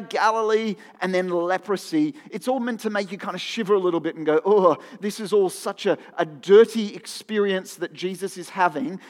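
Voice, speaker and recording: A man's voice: sits high, big-room sound. A man giving a sermon in an earnest, conversational way, often repeating phrases for emphasis. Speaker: preacher.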